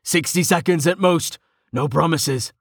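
A brisk archer adventurer shouting commands mid-fight, as the narrator puts him on. His voice sits at an ordinary middle pitch and is recorded dry and close, with no room around it. He bellows short orders to his party in an audiobook. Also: level tone, creaky, dry recording, exaggerated voice. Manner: barked battle commands.

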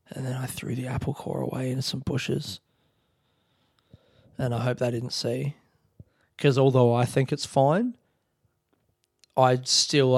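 A young man with an Australian accent tells a meandering story on his own, casual and self-deprecating, with "like" dropped into almost every sentence. His voice sits at an ordinary middle pitch. It is recorded close and dry, with no room sound. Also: vocal fry, darkish tone, no room sound. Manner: rambling, self-deprecating, full of "like" fillers. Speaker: podcast host.

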